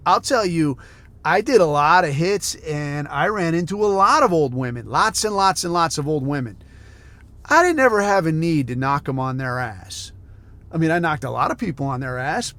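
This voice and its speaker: A man's voice: on the high side, a bit bright. A man from the United States, hosting a podcast and ranting in a heated, profane, sarcastic way. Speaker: podcast host.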